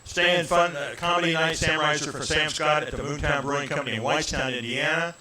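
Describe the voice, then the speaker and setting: A man's voice: a little high, steady tone, fast talker. A middle-aged man, a comedian chatting and telling jokes in a rambling, self-deprecating way. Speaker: comedian guest. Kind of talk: stand-up jokes and casual chat. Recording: roomy live venue with crowd.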